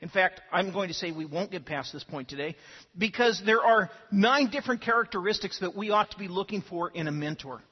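Husky-voiced preacher in an echoing hall. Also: male voice, high voice, lively intonation, fairly quick. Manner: earnest, repeats words at starts of phrases. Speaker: pastor. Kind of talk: sermon. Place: church sanctuary. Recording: lo-fi with long hall reverb.

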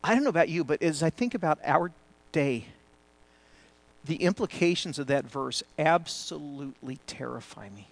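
Pastor, male, fairly high voice, earnest off-the-cuff sermon delivery to a home congregation. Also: lively intonation, moderate pace, vocal fry, slight background noise. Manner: earnest, conversational preaching with frequent restarts; rises louder and higher when building a point. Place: church before a congregation.

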